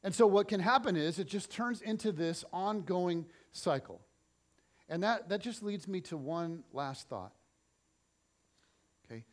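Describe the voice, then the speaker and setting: A middle-aged pastor preaching in church, his voice sitting a little higher than most men's. He tells a personal story as he preaches, and he shifts often between loud, pushed lines and quiet, dropped ones. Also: unhurried, pauses often. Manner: animated, swings between loud and soft.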